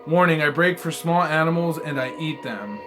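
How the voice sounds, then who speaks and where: A man reviewing trading cards in a casual vlog, rambling and swearing, swinging between mumbled asides and excited outbursts. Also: on the high side, normal speed, music in the background. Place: apartment room.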